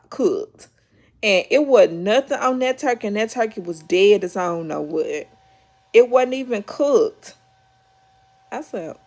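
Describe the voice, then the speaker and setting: A woman's voice: mid-range voice, darkish tone. A woman hosting a casual reality show recap, chatty and storytelling, acting out quotes with laughs.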